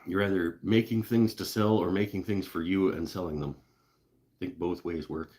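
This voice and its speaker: Low-voiced man rambling on a live stream. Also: fairly even intonation, moderate pace, darkish tone. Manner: rambling, laid-back, casual swearing. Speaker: woodworking channel host. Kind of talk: casual live-stream chat.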